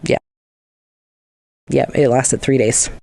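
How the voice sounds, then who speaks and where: A woman's voice: very deep voice, fairly even intonation, takes it slowly, creaky, dark tone, no room sound. A young adult woman, co-hosting a casual podcast chat, rambling through stories and swearing freely. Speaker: podcast co-host.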